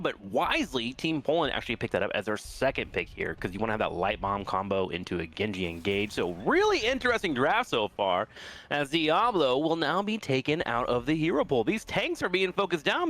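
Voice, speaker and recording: A man's voice: mid-range voice, wildly swooping pitch, a little fast, fairly bright tone. A man co-casting a live esports match, joking around and breaking down the draft. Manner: playful, joking banter. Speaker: esports co-caster. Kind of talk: live game commentary.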